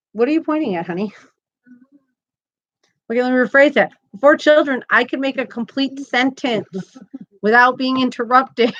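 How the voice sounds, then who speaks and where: A woman in her thirties hosts a live crochet stream from home, reading viewer comments aloud in a chatty, giggly way. Her voice is a little high and the audio sounds dull.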